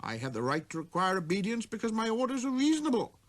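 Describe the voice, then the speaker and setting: A man's voice: high voice, very animated, fast, pitched above the performer's own voice. A man playing a pompous, spluttering old king. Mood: lecturing. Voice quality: spluttering, stammering, chuckling. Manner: grand, commanding delivery. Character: pompous, blustering old king, proud and fussy.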